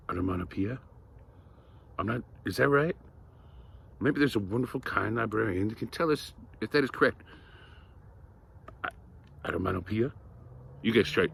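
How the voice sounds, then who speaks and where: A man reading a picture book aloud to children, playful and animated, chatting with them between pages. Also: medium pitch, creaky, slight background noise. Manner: playful, animated, talks to kids directly. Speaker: storytime reader.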